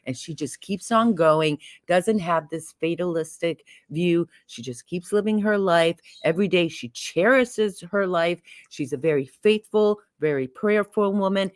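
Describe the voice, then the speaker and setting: A woman's voice: on the low side, a little slow, hardly any pauses, no echo, studio quality. A woman co-hosting a casual live stream, teasing her partner and reading out viewer questions. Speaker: co-host. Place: home in Sicily.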